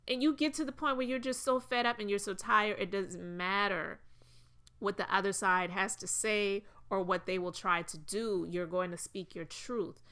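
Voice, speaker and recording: A woman talks straight to her audience in a casual commentary, earnest and emotional as she shares her own side. Her voice is bright and forceful, with a smooth, resonant clarity. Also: mid-range voice, steady tone, normal speed.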